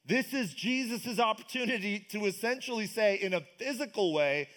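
Pastor, male, high-pitched; loose conversational preaching, keeps asking the room questions. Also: expressive, measured pace, fairly bright tone. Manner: casual, enthusiastic, asks the congregation questions. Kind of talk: conversational sermon. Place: church service.

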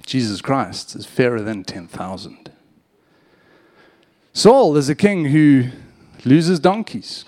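A man's voice: mid-range voice, slow, long pauses. A man preaching a sermon, opening with a cheeky personal story and acting out the voices in it. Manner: animated storyteller, acts out quotes, cheeky humor. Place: church.

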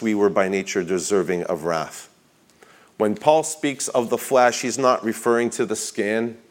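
A male preacher at an ordinary middle pitch, teaching a congregation with earnest conviction. He slows down and leans on key words when reading scripture and quotations, with small restarts between thoughts. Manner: earnest teaching, reads scripture and quotes with slow emphasis; slight restarts and repeated words. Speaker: pastor. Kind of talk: sermon.

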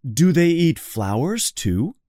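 Man reading as a little boy prince, worried, earnest, slow pleading questions, lifted voice, lively rises. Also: on the high side, no room sound, studio quality, pitched above the performer's own voice.

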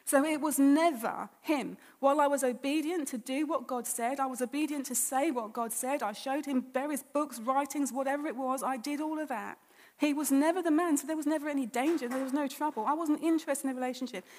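A woman with a high voice tells her own story as a church testimony. She speaks conversationally and slips into re-enacting what she thought and said back then. Her voice rings with a long reverb, as if from a large hall. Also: a little fast, a little mellow. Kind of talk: personal testimony told as a story.

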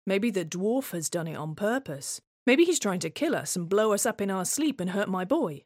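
A woman's voice: medium pitch, animated, normal speed, few pauses, darkish tone, no echo, studio quality. A woman performing a scripted dramatic monologue in a tense, wary, obsessive way. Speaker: playwright and solo performer.

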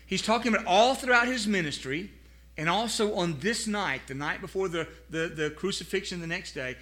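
A man preaching a sermon to a live congregation. He speaks earnestly, often repeats words as he starts over, slows down for scripture, and calls on the listeners to answer aloud. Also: sits high, expressive, sharp tone. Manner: asks the congregation to respond aloud. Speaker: pastor.

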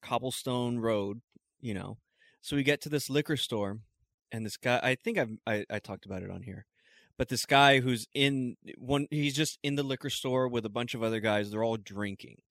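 A man from California tells a travel story at an easy pace, laughing along as he goes. His pitch is middling and the recording is dry and close. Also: normal speed, fairly bright tone, no echo. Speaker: podcast co-host. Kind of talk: casual chat.

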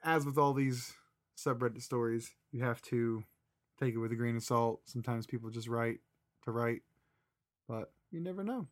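A man co-hosting a paranormal podcast, reading a story aloud and chatting in a relaxed, rambling way. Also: mid-range voice, moderate pace. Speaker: podcast co-host. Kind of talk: reading a listener story, then casual chat.

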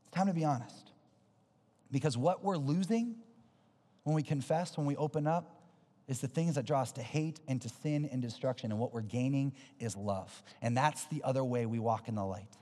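A man preaching a sermon as pastor, urgent and impassioned, then closing in a soft, hushed prayer. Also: medium pitch, moderate pace, big-room sound.

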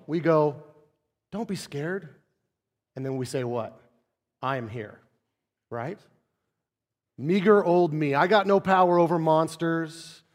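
A pastor preaches a sermon conversationally in a large hall, dropping into soft, low tones when he wants to stress a point.

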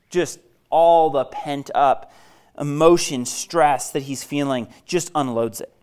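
A man preaching a sermon as pastor. He speaks conversationally to his listeners and swings from loud emphasis to a hushed near-whisper. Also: on the high side, a little slow, clear, resonant tone.

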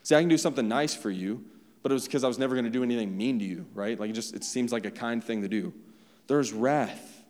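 Young preacher in a reverberant hall. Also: male voice, mid-range voice, fast talker, a little mellow. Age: young adult. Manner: conversational preaching with frequent "right?" and "like". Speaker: pastor. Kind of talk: sermon. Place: church sanctuary. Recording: long reverb of a large hall.

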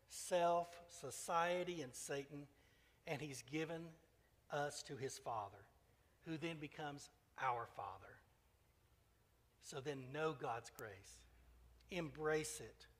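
A man's voice: fairly high pitch, a bit bright. Earnest male pastor in a reverberant hall. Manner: earnest, measured preaching, reading aloud from a novel. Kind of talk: sermon.

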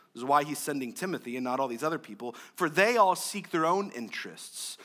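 A young male pastor preaching a sermon, conversational with joking asides, swinging from loud emphasis to quiet, low lines.

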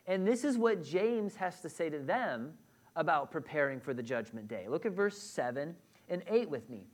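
A man's voice: fairly high pitch, animated, normal speed. A man preaching a sermon to a congregation, conversational and direct, often checking in with the room. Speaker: pastor. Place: church hall with a congregation.

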